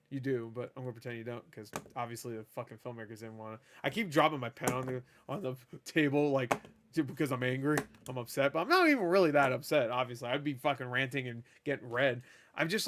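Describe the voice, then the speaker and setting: A man's voice: mid-range voice, fairly bright tone, slight background noise. A man ranting through a casual film review in a profane, sarcastic, rambling way, recorded at a table indoors. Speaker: movie reviewer.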